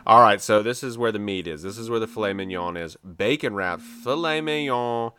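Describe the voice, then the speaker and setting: A man from the US South co-hosting a casual, joking chat about movie trailers, full of fillers and excited asides. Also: fairly low pitch, moderate pace, a little hiss or hum. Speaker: podcast co-host.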